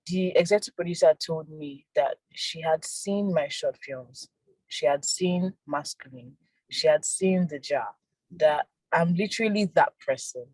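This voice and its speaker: A young woman, an actress and filmmaker, giving soft-spoken casual interview answers with frequent laughs. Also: low-pitched, unhurried, husky, no room sound, low-quality recording. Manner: soft-spoken, laughs often, repeats words.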